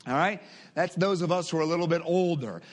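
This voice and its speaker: Middle-aged pastor preaching, fairly high voice. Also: male voice, fast. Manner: reads scripture aloud, then leads prayer and congregation. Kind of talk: sermon with scripture reading.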